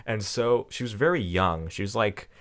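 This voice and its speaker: A young man co-hosting a podcast in casual chat, telling animated stories and laughing often. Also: on the low side, moderate pace. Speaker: podcast co-host.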